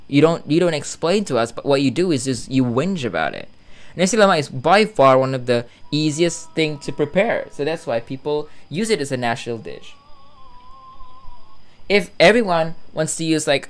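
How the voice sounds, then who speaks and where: A young man with a Malaysian accent reacts to online posts in a loose, exasperated rant. He rambles, trips over his words and swears freely. He is talking in an ordinary room indoors. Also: mid-range voice. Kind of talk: casual rant.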